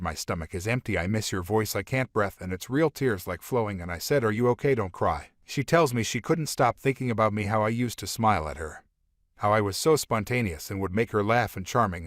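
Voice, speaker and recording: A man reading aloud a first-person relationship story from an online forum in a steady, plain manner. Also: on the low side, no echo, studio quality. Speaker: story narrator.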